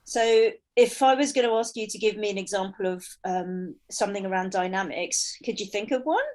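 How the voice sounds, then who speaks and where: A woman voice and performance coach speaking in an interview, expressive and demonstrating loud and soft delivery. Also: medium pitch, a little fast, low-quality recording.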